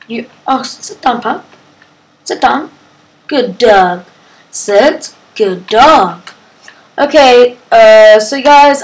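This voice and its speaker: A woman's voice: fairly high pitch, low-quality recording. A woman casually commenting on her gameplay, chatty and playful, breaking into sing-song chants and baby talk to her pets. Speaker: gaming channel host.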